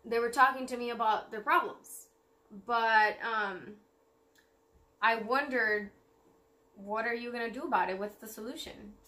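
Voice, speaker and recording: Bubbly young woman vlogger, bright voice. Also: fairly high pitch, unhurried, long pauses. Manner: bubbly, rambling with many fillers. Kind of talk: casual vlog chat.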